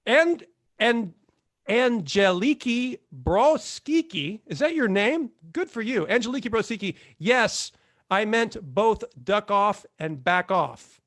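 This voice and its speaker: A man's voice: high voice, fairly bright tone. A man hosting a live online comedy game show over a video call, laughing often and reading audience jokes aloud.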